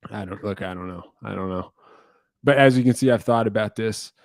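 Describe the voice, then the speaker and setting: A man's voice: fairly low pitch, a little fast, vocal fry, dry recording, clean studio sound. A man casually rambling through viewer questions at his computer, self-interrupting and wry, with a cough now and then. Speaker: music YouTuber answering viewer questions. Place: indoor room at his computer. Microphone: computer webcam setup.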